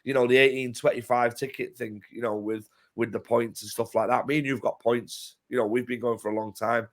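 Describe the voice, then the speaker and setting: A man chatting passionately as co-presenter, getting loud and emphatic. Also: mid-range voice, fairly even intonation, fairly quick. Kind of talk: casual chat.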